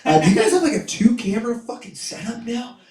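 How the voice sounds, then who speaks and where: A young male comedian does a crude, self-mocking stand-up set in a club, his high voice swinging wildly in pitch and breaking into loud shouts. He talks fast and sits somewhat far from the mic. The room echoes and the background is noisy.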